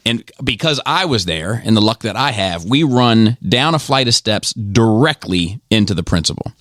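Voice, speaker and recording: A man from Maryland with a low voice tells casual stories on a podcast, swearing freely and acting out the people in them. His voice is recorded dry and close, with no room sound. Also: no echo. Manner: profane, animated retelling with quoted voices. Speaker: podcast host. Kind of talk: casual storytelling.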